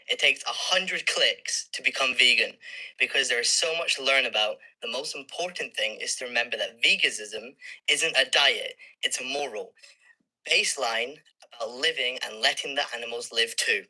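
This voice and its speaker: A man on a livestream as a guest, reading questions and answers aloud in a plain, slightly halting way. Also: mid-range voice, bright, forceful tone, rough recording.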